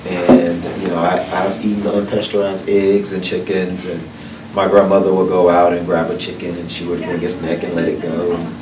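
This North Carolina guest speaker at a book event has a low voice, a Southern accent and a completely flat delivery at a moderate pace. His folksy personal stories grow earnest and motivational, reaching uplifting points, heard from a distance in an echoey, noisy room.

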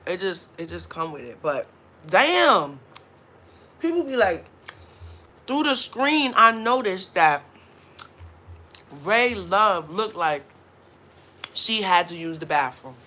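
A woman's voice: on the low side, very animated, slow pace, pauses often, pushed and bright. A woman hosting a mukbang livestream, ranting casually with blunt, profane talk and frequent laughs while hungover.

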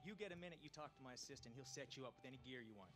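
A man's voice: medium pitch, expressive, natural voice. A man playing a brash, joking brand director. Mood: upbeat. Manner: fast, joking, hyped-up salesman talk. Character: brash, upbeat male brand director, adult. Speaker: brand director at a commercial shoot. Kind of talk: video game cutscene dialogue.

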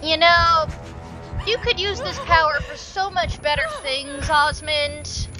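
A young woman giving excitable let's play commentary, swearing and shrieking at the game. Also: high-pitched, slow pace, music in the background. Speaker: gaming video creator.

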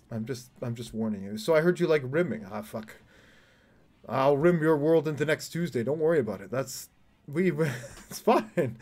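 Lively joking young streamer guy. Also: medium pitch, normal speed. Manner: joking, crude, chatting back to viewers. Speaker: game streamer. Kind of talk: casual live-stream chat while playing.

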